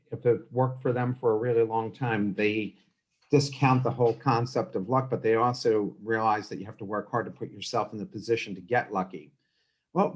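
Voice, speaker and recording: A man's voice: fairly low pitch, muffled recording. A man hosting a podcast, asking long conversational questions of his guest. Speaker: podcast host. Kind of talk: interviewing.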